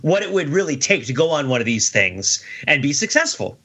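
A man with a husky, wearing-thin voice that is losing itself, talking emphatically on a podcast panel. His tone is bright and pitched a bit high, and it swings widely as he presses his points. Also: brisk. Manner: animated, emphatic, keeps tagging "right?". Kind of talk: casual podcast discussion.

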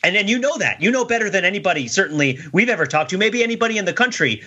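A man with a husky, wearing-thin voice that is losing itself, talking emphatically on a podcast panel. His tone is bright and pitched a bit high, and it swings widely as he presses his points. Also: rapid-fire, muffled recording. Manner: animated, emphatic, keeps tagging "right?". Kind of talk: casual podcast discussion.

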